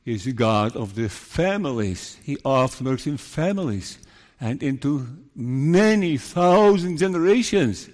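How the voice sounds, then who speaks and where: Slow earnest male preacher, echoing church. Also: mid-range voice, lively intonation, darkish tone. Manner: earnest, questioning, builds to emphatic peaks. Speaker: pastor. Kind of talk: sermon.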